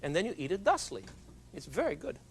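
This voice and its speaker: A man's voice: high-pitched, big pitch swings, quick pace, creaky, slight background noise. A middle-aged man hosting a television cooking show, chatty and jovial with joking asides as he demonstrates in a studio kitchen.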